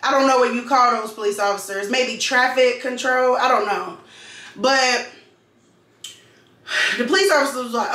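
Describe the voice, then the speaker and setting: A woman vlogger telling a storytime to her viewers in an animated way, repeating phrases for emphasis. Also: high voice, moderate pace, long pauses, distant mic. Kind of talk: storytime vlog. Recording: roomy sound, mic set back.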